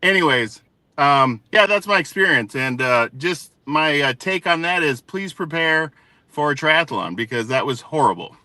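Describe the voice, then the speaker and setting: A man's voice: fairly high pitch, animated, moderate pace, pushed and bright, no room sound. A man hosting a casual live panel chat, telling stories and teasing his guests. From Tonga. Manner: joking, storytelling, says dude often. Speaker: host.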